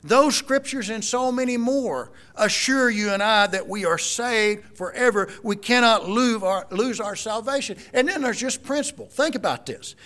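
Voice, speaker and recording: A man's voice: high voice, normal speed, few pauses, sharp tone. A middle-aged man preaching a sermon, quoting scripture in an emphatic, folksy way. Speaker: pastor.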